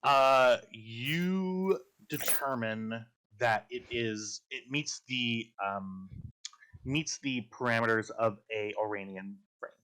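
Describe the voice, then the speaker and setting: A man with a Midwestern American accent narrates a tabletop game as its game master. He talks at a middling pitch, hesitant, with many ums and restarts. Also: slow, bright, forceful tone. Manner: hesitant, lots of ums and restarts, laughs often.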